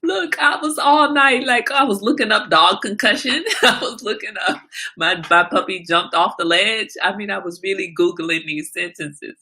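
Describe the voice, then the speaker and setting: A woman hosting a casual livestream who tells a story with animated delivery, greeting viewers and answering their comments along the way. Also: medium pitch, normal speed. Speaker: livestream host.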